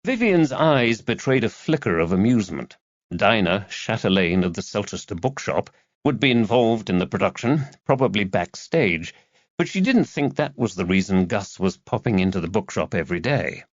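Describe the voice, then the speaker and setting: Low-voiced man narrating a mystery, animated delivery, dry close sound. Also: normal speed, no echo. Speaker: audiobook narrator. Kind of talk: scripted narration. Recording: dull dry lo-fi recording.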